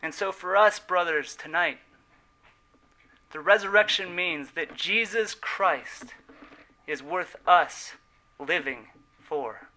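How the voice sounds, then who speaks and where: A man delivers a sermon with a high, strikingly bright and forceful voice. He preaches earnestly and with emphasis, slowing on key words. His phrase endings drop away softly. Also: poor audio.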